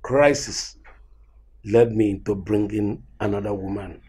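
An actor playing a remorseful father who speaks slowly and solemnly about his family. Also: on the low side, dark tone, husky. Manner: slow and solemn. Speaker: family patriarch.

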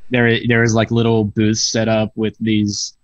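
A man's voice: lowish voice, monotone, unhurried, no echo, muffled recording. A man in his twenties, a podcast guest, telling a story animatedly with frequent swearing over a video call. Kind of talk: casual storytelling chat.

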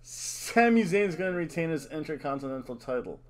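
A man's voice: fairly high pitch, very animated, normal speed. A middle-aged man hosting a casual wrestling predictions vlog, playful and showy, with announcer-style catchphrases. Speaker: host.

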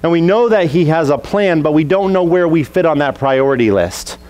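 A man's voice: fairly high pitch, normal speed, low-quality recording. Storytelling pastor, a man acting scenes out. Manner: animated, acts out family scenes with voices. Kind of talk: storytelling sermon.

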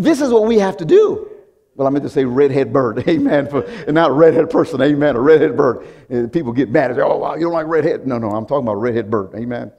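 A man's voice: fairly high pitch, animated, moderate pace, darkish tone. A pastor preaching a sermon to his congregation, emphatic, with frequent restarts, chuckles and calls of "come on, church". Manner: emphatic preaching with repeated call-outs to the congregation.

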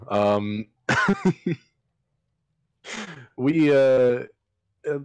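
A man with a deep voice narrates a tabletop game at an unhurried pace. He hesitates often and laughs between descriptions. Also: low-quality recording. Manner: laughing often, slow and hesitant with many ums. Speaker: game master.

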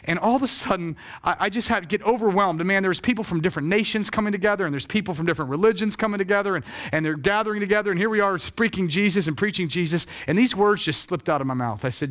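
A male pastor preaching a sermon, swelling loud and then dropping soft. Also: high-pitched, quick pace, hardly any pauses.

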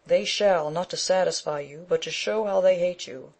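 Treacherous mocking knight, read by a woman, scornful, low voice. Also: normal speed, a little mellow, close to an everyday voice. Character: treacherous male knight taunting foes.

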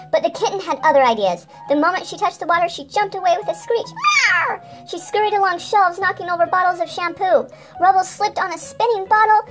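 A woman hosting a toy channel, reading a children's storybook aloud in a bright, sing-song manner. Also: extremely high pitch.

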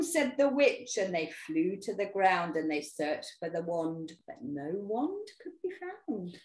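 A woman storyteller reading a picture book aloud to young children, expressive and engaging. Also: fairly low pitch, a little slow, few pauses, roomy sound. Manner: expressive, talks to young listeners. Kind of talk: animated read-aloud for children.

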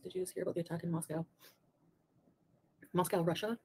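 A woman's voice: lowish voice, steady tone, fast, gravelly, darkish tone, a little hiss or hum. A woman on a played livestream clip, rambling and greeting viewers by name. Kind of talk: chatty livestream talk to viewers.

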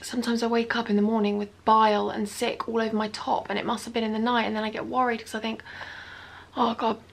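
Young woman, anxious confessional vlog, self-critical, slightly high voice. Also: flat delivery, quick pace, vocal fry. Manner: anxious, self-critical, often quiet and whispery. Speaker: vlogger.

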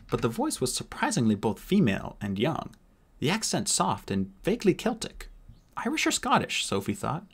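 A man reading a fantasy novel aloud as a casual audiobook narrator, expressive and doing voices for the characters. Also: medium pitch, moderate pace, slightly rough.

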